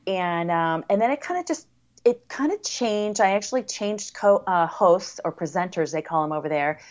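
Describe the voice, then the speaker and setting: A woman's voice: on the low side, animated, moderate pace. American woman, podcast guest, bubbly filler-heavy chat, slightly muffled remote recording. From United States. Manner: chatty, upbeat, many fillers. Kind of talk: casual interview chat.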